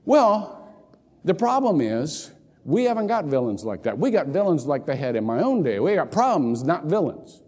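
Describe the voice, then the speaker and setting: An older man preaches a sermon as pastor in a church sanctuary, telling animated, jokey stories with asides and plenty of repeated words. His voice is fairly high and husky, at a moderate pace, and the recording carries long hall reverb.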